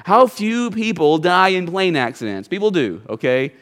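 A man preaching a sermon in a church, talking conversationally, often checking in with the congregation and dropping into soft low asides. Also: very animated, moderate pace. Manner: conversational preaching, asks the congregation "you see?".

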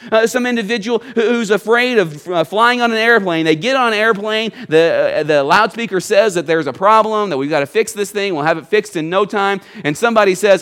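High-voiced man preaching a conversational sermon. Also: expressive, a little fast, few pauses, a bit bright. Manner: conversational preaching, asks the congregation "you see?". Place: church.

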